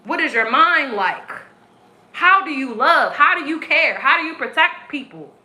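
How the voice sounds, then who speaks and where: A little slow but highly expressive, this woman's high, pushed, bright voice carries a profane, aggressive, preachy rant. She's a tarot reader on a live stream, recorded in an echoey room.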